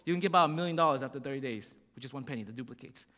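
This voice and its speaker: A man preaching a sermon, animated and full of rhetorical questions, acting out little voices as he goes. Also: mid-range voice, rapid-fire, in a large hall. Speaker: pastor.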